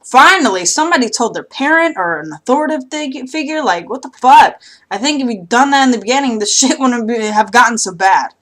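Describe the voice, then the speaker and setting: A woman's voice: a little high, expressive, brisk, fairly bright tone. A young woman casually recapping a TV episode outdoors, rambling and swearing, with lots of fillers. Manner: chatty, profane, rambling with many fillers. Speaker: TV recap vlogger.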